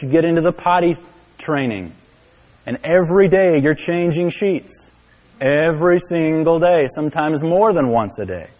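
A man preaching a sermon, telling a story to his listeners, dropping to a hush and then rising to exclaim. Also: a little high, in a large hall. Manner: storytelling, swinging from hushed to exclaiming. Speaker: pastor.

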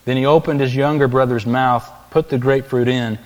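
A male preacher delivering a sermon in a large church sanctuary, his mid-pitched voice carrying a long hall reverb. He speaks with emphatic rises on key phrases, then settles back into storytelling. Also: fairly even intonation, brisk. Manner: emphatic, building to raised peaks on key phrases.

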